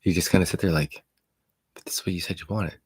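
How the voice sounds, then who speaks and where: A man's voice: low voice, steady tone, fast talker, breathy edge, no room sound. A man hosting a live chat, talking bluntly and profanely to hurt viewers, rambling with many restarts like a confiding friend. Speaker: livestream host.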